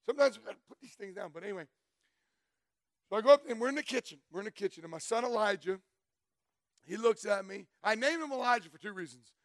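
A middle-aged man giving a folksy, animated testimony sermon, telling stories and breaking into shouts. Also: sits high, fast, long pauses, no echo. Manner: folksy, storytelling, bursts into shouts.

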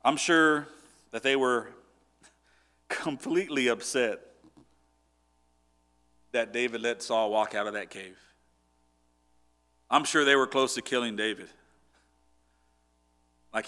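A man's voice: medium pitch, takes it slowly, pauses often, bright, forceful tone. A man preaching a sermon in an earnest, conversational way, often restarting his sentences. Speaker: pastor.

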